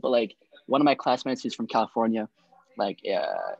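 A young man from the Midwest chatting casually, laid-back and quick to laugh. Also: mid-range voice, wildly swooping pitch, vocal fry, darkish tone, no room sound, highs cut off. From Chicago area, US Midwest. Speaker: grad student interviewee. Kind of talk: casual chat.

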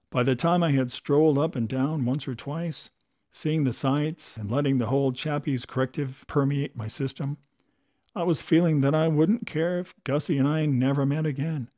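A man's voice: dry recording, studio quality. A man reading a comic first-person story aloud in a breezy, chatty way. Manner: breezy and chatty, with lively jumps in pitch.

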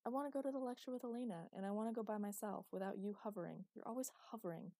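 A woman reading an audiobook, voicing a stubborn, sardonic young woman in a wheelchair, in a mellow, dry voice. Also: medium pitch, rapid-fire, dry recording, pitched above the performer's own voice, close to an everyday voice. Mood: defiant. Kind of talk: audiobook character voice.

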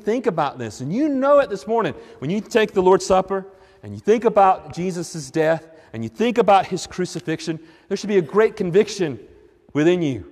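A man's voice: high voice, darkish tone, in a large hall. A man preaching a sermon, emphatic and questioning, with frequent restarts.

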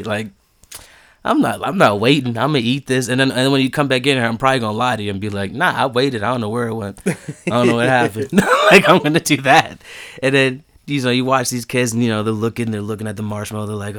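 A man co-hosting a casual chat, retelling what he watched with lively acted-out quotes and frequent laughter. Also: fast talker. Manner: animated storyteller, acts out quotes with big pitch jumps and laughs.

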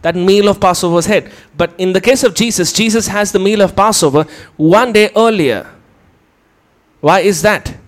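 A man with a high, light voice delivers a teaching sermon. He explains things patiently, point by point, and often turns to his listeners with a quick question. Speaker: preacher.

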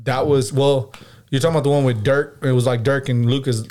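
A man chatting casually with friends, relaxed and profane in quick back-and-forth. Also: medium pitch. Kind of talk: casual chat.

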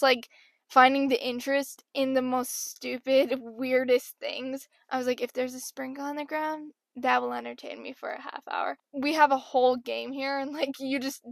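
A woman's voice: sits high, dry recording, clean studio sound. A woman hosting a podcast, telling stories in a chatty, self-mocking way with plenty of "like". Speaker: podcast host. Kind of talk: casual storytelling monologue.

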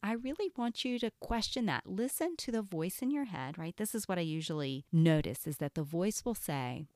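A woman's voice: lowish voice, expressive, normal speed, few pauses, a little mellow, dry recording, clean studio sound. A woman coach giving an earnest teaching talk on self-care, often asking "right?".

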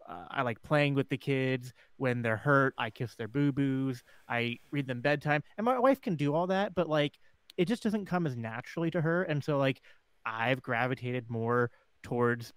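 A man co-hosting a casual talk podcast, speaking in a relaxed, easygoing way. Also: mid-range voice, moderate pace, clean tone, dry recording. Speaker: podcast co-host. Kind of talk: casual chat.

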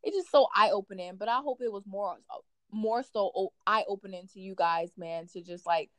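A young woman hosting a relaxed conversation, rambling and animated, with lots of "like" as she tells a story. Her voice sits at an ordinary middle pitch. The sound is dry and close, with no room around it. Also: moderate pace, dry recording. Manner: animated storyteller, fills talk with "like". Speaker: podcast host. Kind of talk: casual chat.

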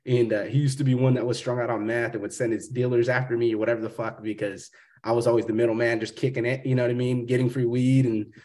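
A man's voice: medium pitch, little pitch movement, fast, darkish tone. A man hosting a podcast, talking in a rambling, profane, casual way and calling his guest brother. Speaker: podcast host. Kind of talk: casual interview chat.

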